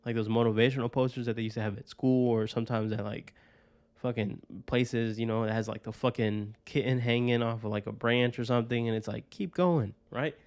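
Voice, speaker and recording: A man's voice: mid-range voice, level tone, brisk, a little mellow, dry recording. A man hosting a podcast, talking through a personal story in a loose, rambling way, swearing often and tagging sentences with "right?". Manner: rambling, profane, keeps tagging lines with "right?". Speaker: podcast host. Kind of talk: casual personal monologue.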